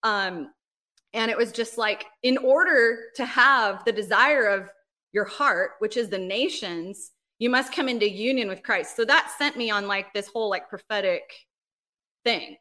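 A woman, a ministry leader, talking casually as a podcast guest, telling a personal faith story in an animated way with lots of "like" and "right?". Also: medium pitch, measured pace. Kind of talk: casual interview, personal testimony.

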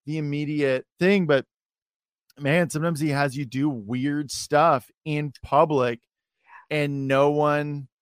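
A man's voice: fairly high pitch, fairly even intonation, slow, clear, resonant tone, dry recording. Chatty male host, dry close sound. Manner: chatty storyteller, frequent fillers and restarts, affirming listener. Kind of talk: casual interview chat.

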